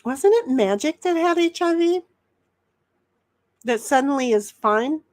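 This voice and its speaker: Casual livestream host, female, fairly high voice, rambling chatty delivery reading viewer comments. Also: lively intonation, measured pace, darkish tone. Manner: rambling, reads chat messages aloud, frequent restarts. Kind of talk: casual chat.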